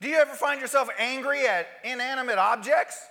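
A male pastor preaching a sermon, shifting between loud, forceful outbursts and soft, quiet asides. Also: very high voice, a little fast, in a large hall.

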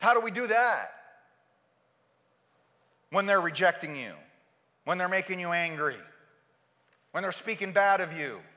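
A male pastor preaching a sermon, shifting between loud, forceful outbursts and soft, quiet asides. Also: high-pitched, lively intonation, a little slow, pauses often, long reverb tail.

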